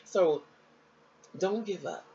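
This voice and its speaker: A woman telling viewers a personal health story in a casual, animated way, talking straight to them. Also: slow pace, lo-fi sound, a little hiss or hum. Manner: animated, jumps high when quoting others; conversational, addresses viewers as y'all.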